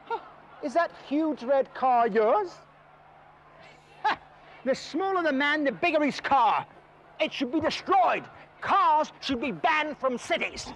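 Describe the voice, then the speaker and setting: A stubborn, hot-tempered protester who argues indignantly, his voice set high for a man. A faint hiss of noise sits under the recording of this comic sketch. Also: sing-song, slow, long pauses, full character voice. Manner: argumentative, indignant. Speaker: sketch actor.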